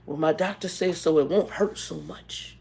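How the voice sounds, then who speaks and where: A woman voicing a weary man who mumbles softly about his surgery. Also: lowish voice, moderate pace, vocal fry, husky. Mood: plaintive.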